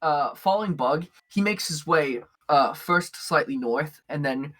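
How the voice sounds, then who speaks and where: A man's voice: on the high side, animated, measured pace, fairly bright tone. A man narrating a tabletop game as game master, describing the scene in a rambling way with many fillers.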